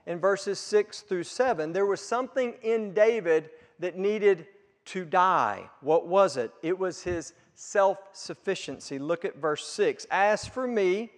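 A man preaches to a congregation at an unhurried, deliberate pace, his voice sitting a bit high. He leans into words with sudden rises and drops while quoting scripture. The sound rings with the long reverb of a large church hall. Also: expressive. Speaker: pastor. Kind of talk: sermon.

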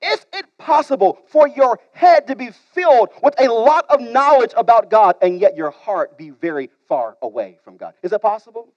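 High-voiced, animated preaching man. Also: normal speed, few pauses, no echo, highs cut off. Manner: animated preaching, swings between loud emphasis and quiet asides; repeats words, talks straight to the congregation. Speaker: pastor. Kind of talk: sermon.

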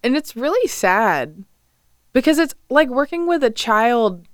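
Smooth-voiced woman in casual banter. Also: a little high, big pitch swings, no echo, studio quality. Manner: defensive, laughs easily, talks in quick bursts. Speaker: podcast co-host. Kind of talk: casual chat.

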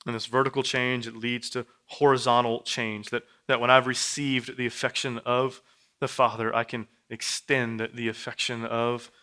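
A man preaching a sermon with a bright, forceful, crisp voice. He stacks repeated phrases, and his delivery swings from hushed, intimate lines to loud, driving ones, all at a middle pitch. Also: level tone, moderate pace. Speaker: pastor. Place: church sanctuary.

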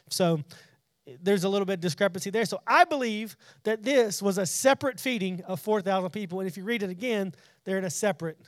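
A man's voice: high-pitched, dry recording, clean studio sound. A man preaching a casual Bible study, talking conversationally, often repeating and restarting words, and paraphrasing scripture in everyday speech.

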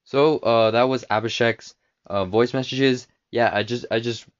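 A man's voice: medium pitch, steady tone, a little slow. A man hosting his own podcast in a casual, rambling way, full of fillers and restarts. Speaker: podcast host. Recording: dull lo-fi home recording.

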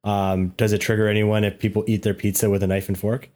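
A man in casual chat, halting and repeating words as he starts his sentences. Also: on the low side, flat delivery, a little mellow. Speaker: podcast co-host.

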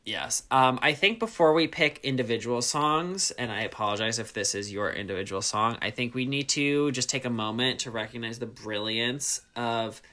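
Bright-voiced young man chatting casually. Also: medium pitch. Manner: chatty, swears casually, quick asides. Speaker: podcast co-host. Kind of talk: casual chat.

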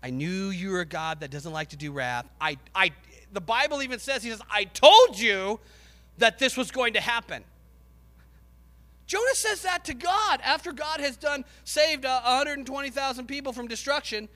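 Fired-up preacher guy, high voice, sharp and bright, shouting bits in a big reverby church. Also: fairly quick. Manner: passionate, shouting at peaks, acts out biblical voices. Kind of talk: sermon.

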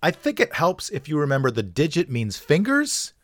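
This is a man running a casual pronunciation walkthrough, tossing in dry jokes at his own expense. His voice leaps around in pitch as he explains. The recording is dry and close, with no room sound. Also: wildly swooping pitch, moderate pace, a bit bright, dry recording. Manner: wry, offhand asides and self-mockery. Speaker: host of a pronunciation channel. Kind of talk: casual talk-through with jokes.

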